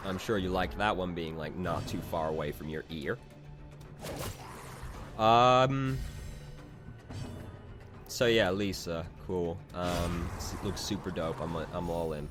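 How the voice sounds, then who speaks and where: A low-pitched man with a sing-song lilt hosts a let's play at normal speed, close to the mic, with game music underneath and a little hiss or hum. His casual gameplay commentary rambles, and he often cuts himself off to restart and swears offhandedly.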